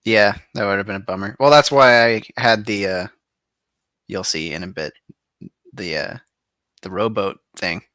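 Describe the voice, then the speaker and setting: A man's voice: on the low side, moderate pace, pauses often, sharp tone, dry recording, studio quality. A man co-hosting a gaming podcast, easygoing in casual chat and laughing often. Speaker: podcast co-host. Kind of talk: casual chat reviewing gameplay.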